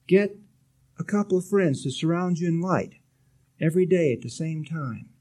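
A man giving a sermon as a spiritual teacher, gently exhorting his listeners with light touches of humor. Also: a little high, expressive, moderate pace.

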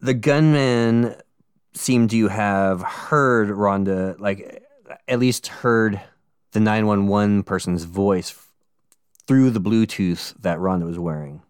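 A man with a low, smooth and resonant voice, recorded close and dry, hosts a casual true-crime podcast. He walks through the case in a relaxed way and throws in jokey, sweary asides. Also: takes it slowly, no echo. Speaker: podcast co-host.

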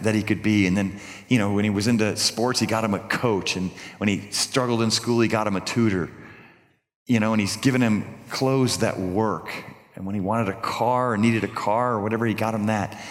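A man preaching a sermon in a church, telling stories conversationally and dropping to a hush at tender moments. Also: lowish voice, big-room sound. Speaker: pastor. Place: church sanctuary.

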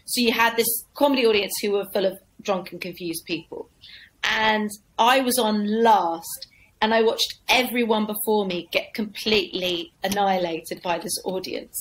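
A woman's voice: mid-range voice, normal speed, rough recording. A woman comedian telling an anecdote in a casual interview, acting out the people she describes. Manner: lively storyteller acting out voices. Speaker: comedian guest.

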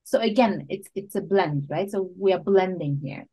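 A woman's voice: fairly low pitch, moderate pace, dark tone, husky, rough recording. A woman guest on a podcast interview, a product management coach, explaining ideas step by step with fillers, restarts and frequent laughter, sometimes searching for English words. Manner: laughs often while talking.

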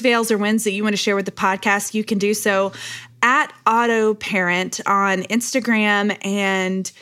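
A woman's voice: mid-range voice, a bit bright. Chatty, laughing woman podcast host. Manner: chatty and laughing, with playful asides. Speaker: pastor. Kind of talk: casual podcast chat.

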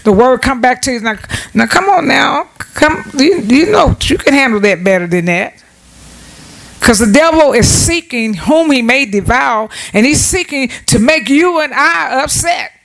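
A woman's voice: on the high side, expressive, normal speed, gravelly. A woman preaching a devotional sermon at home, earnest and repetitive, often breaking in with amens. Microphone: self-set camera.

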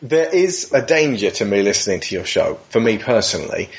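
A man interviewing movie podcast hosts, talking in a wry, measured way. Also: fairly low pitch, sing-song, background noise. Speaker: podcast guest host. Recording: dull lo-fi sound.

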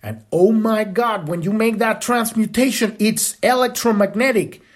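A man's voice: high voice, normal speed. A man hosting a podcast, giving an impassioned spiritual teaching monologue in a casual tone with blunt profanity. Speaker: podcast host.

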